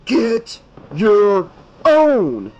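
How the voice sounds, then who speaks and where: A man's voice: sits high, takes it slowly, husky, highs cut off, pitched above the performer's own voice, exaggerated voice. A man voicing a menacing bullying teenage boy, harsh and barking. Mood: snarling.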